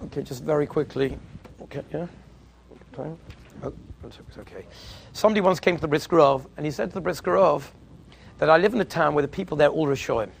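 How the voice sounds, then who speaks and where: A man giving a Torah lecture as a teacher, an emphatic and animated storyteller. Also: fairly high pitch, very fast, gravelly, slight background noise.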